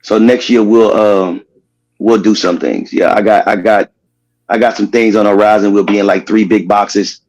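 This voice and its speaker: A man's voice: on the low side, steady tone, moderate pace, darkish tone, low-quality recording. Laughing, playful man. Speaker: cigar brand owner. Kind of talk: casual interview chat.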